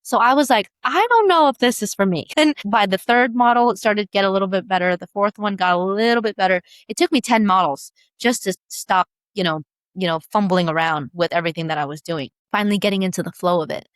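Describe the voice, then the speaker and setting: A woman guest, a brow tattoo business founder, telling her personal story in an interview in emphatic, animated bursts. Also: medium pitch, quick pace, no echo, clean studio sound.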